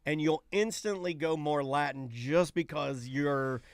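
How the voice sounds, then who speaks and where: A man co-hosting a casual live-stream chat, telling rambling stories in an animated way. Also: fairly high pitch, measured pace, clean tone, no room sound. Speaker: co-host.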